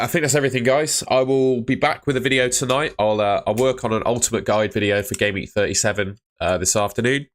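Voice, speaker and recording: On a live stream, a young man chats loosely about fantasy football, responding to what viewers write. His voice sits on the low side with a fairly bright tone, and he keeps reading chat comments aloud in a chatty way.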